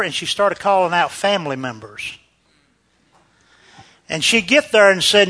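A male preacher telling a story in a sermon, animated and laughing, swinging between loud and hushed. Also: high-pitched, unhurried, pauses often.

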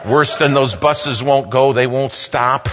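A man telling an animated story to a congregation and acting out the voices. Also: mid-range voice, takes it slowly, background noise. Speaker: speaker to a congregation. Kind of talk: storytelling sermon. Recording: dull sound with long hall reverb.

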